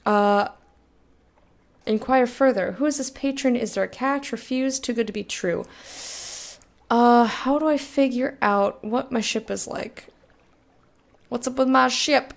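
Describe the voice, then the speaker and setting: This woman speaks on the high side and a little slowly, with vocal fry and frequent pauses. As she streams a game, she reads the on-screen text aloud and talks candidly with her audience, cursing liberally in laid-back let's-play chatter.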